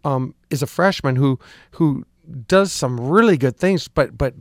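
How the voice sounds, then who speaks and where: Coach type, slightly hoarse, rambling answers, dry sound. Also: male voice, medium pitch, animated, a little slow, dry recording. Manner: rambling, repeats words, frequent ums. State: slightly lost voice. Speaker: hockey coach. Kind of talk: casual radio interview answers.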